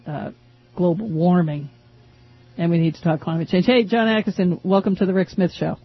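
A woman from Maine with a Maine accent, filling in as a radio talk show host, chatting casually and joking with quick asides. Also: fairly low pitch, breathy edge. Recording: dull, slightly lo-fi radio broadcast.

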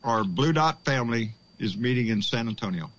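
Excitable folksy man hosting a show. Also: medium pitch, fairly quick, highs cut off, slight background noise. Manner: excitable, folksy, swears freely, says "baby". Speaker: podcast host. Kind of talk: casual call-in show chat.

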